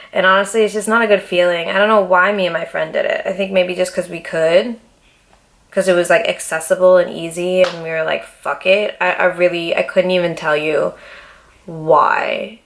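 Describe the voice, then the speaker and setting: A young adult woman talks straight to her viewers in a loose, chatty vlog voice that sits a little low. She swears often and leans on fillers as she tells her story. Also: fairly bright tone. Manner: blunt, profane, chatty with many fillers. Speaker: vlogger. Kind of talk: casual storytelling to camera.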